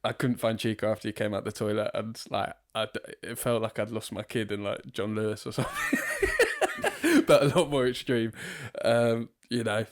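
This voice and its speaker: A man's voice: lowish voice, huge pitch swings, moderate pace. A young man co-hosting a casual podcast, rambling and laughing often, with frequent restarts. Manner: giggly, rambling, restarts a lot. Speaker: podcast co-host.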